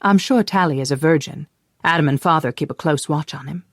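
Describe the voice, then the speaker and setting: A narrator voicing a spirited young woman, disguised as a boy, who talks in a quick, teasing and emphatic way. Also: medium pitch, no room sound, clean studio sound, close to an everyday voice.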